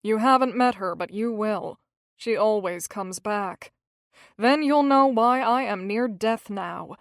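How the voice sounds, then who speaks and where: A woman voicing an earnest, quiet young male dentist who speaks sincerely and gently in an audiobook. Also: on the high side, animated, normal speed, dry recording, clean studio sound, natural voice. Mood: playfully dramatic.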